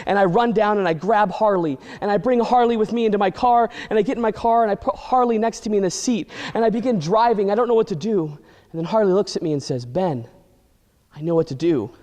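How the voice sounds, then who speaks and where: A man telling an exaggerated comic story with animated, deadpan delivery. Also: sits high, brisk. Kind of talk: comedic storytelling. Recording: long hall reverb.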